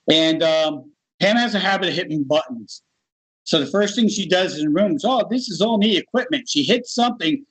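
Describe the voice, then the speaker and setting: Animated storytelling American man. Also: high-pitched, poor audio. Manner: animated, laughs while telling. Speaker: guest. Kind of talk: casual storytelling.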